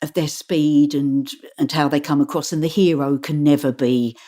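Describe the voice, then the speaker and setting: A woman who works as an audiobook narrator, chatting casually in an interview, animated and laughing often. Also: low-pitched, moderate pace.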